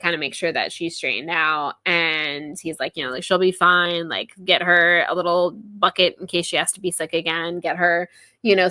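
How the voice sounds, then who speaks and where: A woman's voice: on the low side, dry recording. A young woman hosting a podcast, casually recapping a book chapter and retelling scenes, with lots of "like" in her speech. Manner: chatty, heavy use of "like", animated retelling. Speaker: podcast host.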